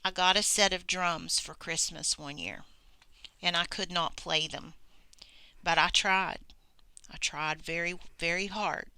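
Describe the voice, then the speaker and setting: Slow, bright-voiced woman teacher. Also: on the low side, steady tone, clean tone, no echo. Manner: slow, deliberate explaining, acting out example sentences. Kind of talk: English grammar lesson.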